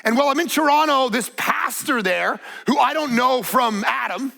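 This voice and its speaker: A man's voice: extremely high pitch, lively intonation, moderate pace, creaky, sharp tone. A middle-aged man preaching a sermon, telling a personal story in a conversational way that builds to emphatic points. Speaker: pastor. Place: church stage.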